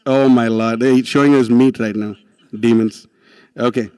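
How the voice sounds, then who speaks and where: A young man telling a story in a slangy, excitable way, often laughing, while giving a class. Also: medium pitch, normal speed, smooth, no room sound. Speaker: class speaker. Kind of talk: animated storytelling talk.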